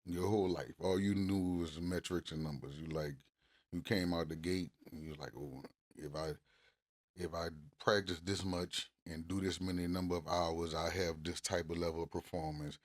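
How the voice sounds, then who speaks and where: A man co-hosting a couples podcast, talking casually and cursing freely, getting loud and animated when he acts out arguments. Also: sits low, moderate pace. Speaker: podcast co-host.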